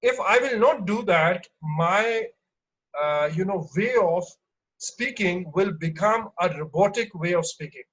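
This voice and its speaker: A man teaching an online exam-prep lesson, explaining slowly with lots of fillers and restarts. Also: high-pitched, expressive, fairly bright tone, highs cut off. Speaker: English teacher.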